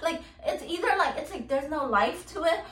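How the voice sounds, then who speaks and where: A woman's voice: high voice, expressive, moderate pace, a bit bright. A young woman hosting a podcast, venting in a rambling, casual way, full of "like" and swearing, exasperated and repeating herself for emphasis. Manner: rambling, heavy use of "like" and "okay", swearing. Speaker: podcast host. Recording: roomy echo, distant from mic.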